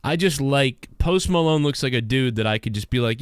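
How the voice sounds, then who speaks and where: A man's voice: mid-range voice, a little fast, hardly any pauses, clear, resonant tone, no echo, studio quality. A man hosting a livestream show, ranting in a brash, profane, rambling way. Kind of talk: ranting live commentary.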